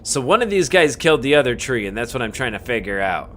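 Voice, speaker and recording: A man's voice: mid-range voice, sing-song, quick pace, a bit bright, a little hiss or hum. A man casually commenting as he plays a video game, chatty and reading text aloud. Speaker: let's play gamer.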